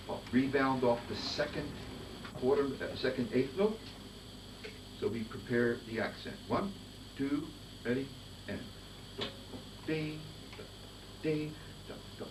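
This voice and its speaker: A man leading a band master class, giving brisk directions and singing rhythms in nonsense syllables to demonstrate. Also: mid-range voice. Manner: sings rhythms in nonsense syllables while explaining. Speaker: conductor teaching a master class. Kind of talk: band rehearsal instruction. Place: rehearsal room with a band. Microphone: distant recorder. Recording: echoey room, far from mic, noisy.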